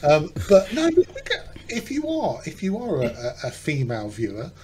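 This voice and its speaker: A man's voice: fairly high pitch, huge pitch swings, normal speed, darkish tone, slight background noise. A British man hosting a podcast, chatting casually and teasing his co-hosts. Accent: British English. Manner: jokey, teasing. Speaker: podcast host. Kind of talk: casual chat.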